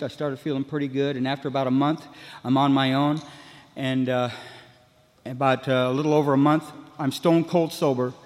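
A man telling his own recovery story to a meeting, rambling with lots of "you know" and restarts, and acting out the voices of people he met. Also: mid-range voice. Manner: acts out other people's voices. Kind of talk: personal recovery story told to a room. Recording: long hall reverb.

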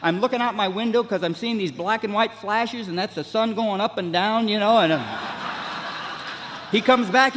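A man's voice: sits high, normal speed, fairly bright tone, slight background noise. A man telling his own recovery story to a meeting, rambling with lots of "you know" and restarts, and acting out the voices of people he met. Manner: acts out other people's voices. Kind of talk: personal recovery story told to a room. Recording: long hall reverb.

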